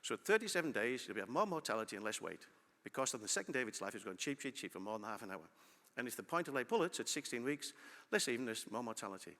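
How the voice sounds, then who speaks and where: Speaking fast in a big conference hall, a middle-aged man fills the room with a bright, forceful voice that echoes with long reverb. He stays animated, repeatedly posing questions to listeners, and his pitch is mid-range.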